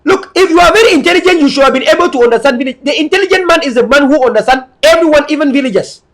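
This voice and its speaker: A man from Cameroon, English not his first language, delivers a long lecture to his viewers. His voice sits very high, and he hammers each point with emphatic repetition, like a preacher. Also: lively intonation, rapid-fire, a bit bright. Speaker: online commentator.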